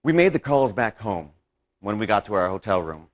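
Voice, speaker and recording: A man performing a one-man stage monologue, theatrical, swinging between loud outbursts and hushed recollection. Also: fairly low pitch, sing-song, moderate pace.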